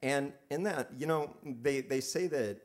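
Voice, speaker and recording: A man telling a personal story live on stage, chatty and self-mocking, with many halting restarts. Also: mid-range voice. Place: stage in a club venue.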